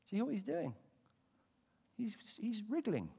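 A middle-aged British man preaches in a church with a lively, swooping delivery. He drops to hushed asides and then drives his points home with emphasis. His voice carries the long reverb of the hall. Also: a little high, moderate pace, gravelly, breathy edge. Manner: expressive, dramatic, swings from hushed to emphatic. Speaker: pastor. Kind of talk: sermon.

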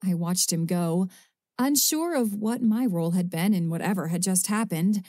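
A woman narrating a first-person audiobook in a measured, even storytelling manner, close to a studio mic. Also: fairly low pitch, dry recording.

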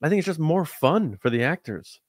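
A man's voice: fairly high pitch, sing-song, brisk, no room sound, studio quality. Rambling man podcast co-host. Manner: rambling, many likes and restarts. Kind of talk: casual chat.

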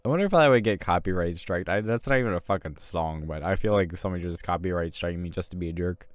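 A man making casual gaming commentary with quiet, self-amused, mumbling asides. His voice is smooth and clear. The recording is dry and close, with no room sound. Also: low-pitched, fast, no room sound. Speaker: gaming YouTuber.

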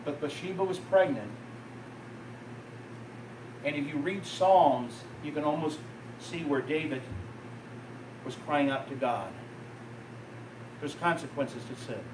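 A man preaching in a church, his voice pitched high for a man. He tells the story at a storyteller's pace, building up and then dropping low. The recording catches him from a distance, with the sound ringing around the room and faint ambience behind. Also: slow, long pauses, echoey room, noisy background. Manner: storytelling preacher, rising and falling in intensity. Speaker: pastor. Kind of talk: sermon. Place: church sanctuary.

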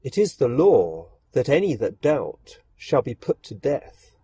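A pair of frightened swindling tailors mutter low and nervous, as a male storyteller puts them on. The tone is husky and mellow. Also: big pitch swings, a little slow, no echo, exaggerated voice.

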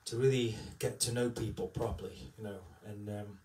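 A man's voice: fairly low pitch, steady tone, moderate pace, a little mellow, reverberant, recorded from a distance. A man working as an entertainer, chatting on a live stream in a heartfelt, rambling way with many fillers. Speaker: tribute entertainer. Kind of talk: casual chat on a live stream.

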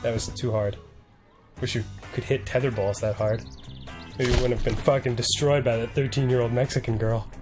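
A man's voice: mid-range voice, steady tone, brisk, over loud music. A man co-hosting casual video game commentary, teasing his partner with playful ribbing. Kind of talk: casual let's-play commentary.

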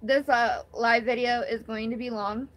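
Young female vlogger, somewhat high voice, rambling and candid, live-stream chat. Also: steady tone, moderate pace. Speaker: vlogger hosting her first live stream.

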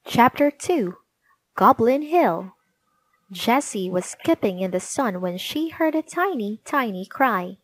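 A woman reading a children's storybook aloud, gently and clearly. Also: a little high, lively intonation, slow.

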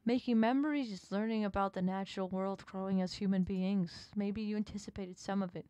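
A woman's voice: mid-range voice, fairly even intonation, a little fast, dark tone, dry recording, lightly acted. A woman reading as a taunting sea monster. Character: sinister taunting sea monster, cruel and mocking. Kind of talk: reading a game's dialogue aloud.

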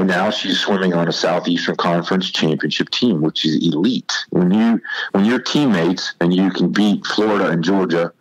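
A man's voice: deep voice, low-quality recording. A man in his fifties, a podcast guest, telling stories in a folksy, drawling way. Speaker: podcast guest, former college football player. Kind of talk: casual storytelling.

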